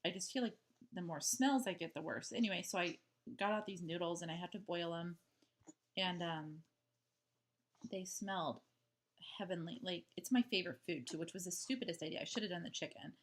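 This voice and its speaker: A woman's voice: fairly low pitch, brisk. A woman chatting casually at home in a video diary, rambling with lots of "like" and "um". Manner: rambling, full of "like" and "um" fillers. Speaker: vlogger. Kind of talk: casual diary-style chat.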